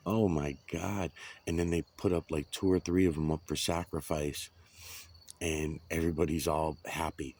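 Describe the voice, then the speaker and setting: A man's voice: a bass voice, steady tone, normal speed, a little mellow. A man rambling and ranting outdoors, swearing often. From United States. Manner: profane, ranting. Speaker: vlogger.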